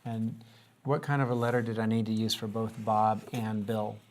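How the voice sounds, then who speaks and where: A man's voice: lowish voice, steady tone, moderate pace, a little mellow. A man teaching a grammar lesson to young students, patiently asking questions and coaxing answers.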